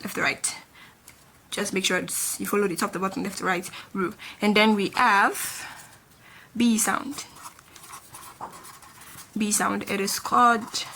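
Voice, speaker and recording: A woman's voice: medium pitch, sharp tone, slight background noise. A woman teaching a beginner language lesson, patiently repeating each sound many times while she explains stroke order. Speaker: Korean teacher.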